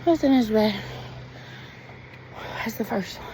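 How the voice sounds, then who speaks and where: A woman's voice: on the high side, takes it slowly. A woman vlogging on a hilly outdoor trail, out of breath, panting and chatting to her viewers. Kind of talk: casual walking vlog. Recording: outdoor phone recording with loud background noise.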